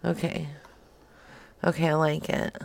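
A woman's voice: sits low, completely flat delivery, measured pace, gravelly. A woman co-hosting a comedy show, chatting in a giggly, teasing way and swearing freely. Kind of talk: casual banter on a live show.

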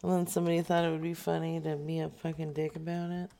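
A woman's voice: low-pitched, flat delivery, quick pace, creaky, dark tone. A woman co-hosting in casual chat, giggly and swearing freely. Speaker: co-host.

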